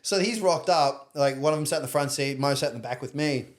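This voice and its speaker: A young Australian man telling a story in casual chat, animated, acting out other people's lines and swearing casually. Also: on the high side, quick pace. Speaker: podcast guest.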